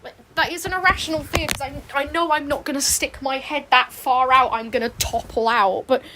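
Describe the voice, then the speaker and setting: Young woman streamer, high voice, rambling casual chat, faint room hum behind. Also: steady tone, brisk, sharp tone. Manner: rambling, chatty, laughing asides. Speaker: streamer and artist. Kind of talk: casual chat while drawing. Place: home room, indoors.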